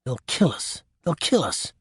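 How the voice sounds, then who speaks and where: A man's voice: a little high, sing-song, moderate pace, no echo, clean studio sound. A man voicing a clever, anxious young boy in an audiobook, muttering and murmuring.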